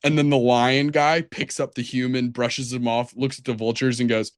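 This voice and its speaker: A man co-hosting a podcast, retelling a film with animated energy and plenty of swearing. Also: medium pitch, normal speed, clear, resonant tone, no room sound, clean studio sound. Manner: animated storyteller, swears freely. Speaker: podcast co-host. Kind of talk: casual chat.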